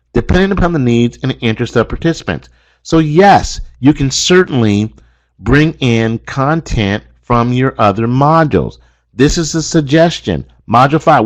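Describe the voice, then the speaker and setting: A man training instructors, walking them through a course module in an emphatic, coaching manner that repeats key points. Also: medium pitch. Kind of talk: instructional walkthrough.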